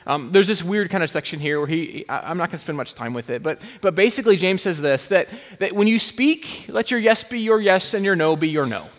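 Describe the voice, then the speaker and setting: A male pastor gives a sermon in a high, slightly raised register, speaking fairly quickly with lively intonation and few pauses. He mixes rhetorical questions with wry, self-aware asides, and a long, lingering reverb suggests a large church sanctuary.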